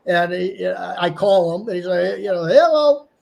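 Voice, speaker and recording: Man, high voice, casual livestream host, rambling, laughs a lot. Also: level tone, moderate pace, vocal fry. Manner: rambling, laughs often, drops to a mutter aside.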